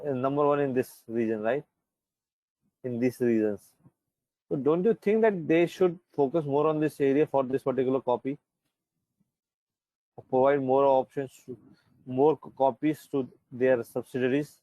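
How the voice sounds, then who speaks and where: A man's voice: medium pitch, dark tone, dry recording, rough recording. A man leads an online class in a chatty, conversational way and keeps checking in with his students. His voice sits in the middle range and sounds dry and close to the mic. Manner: conversational, frequent "right?" and "you know". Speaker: teacher.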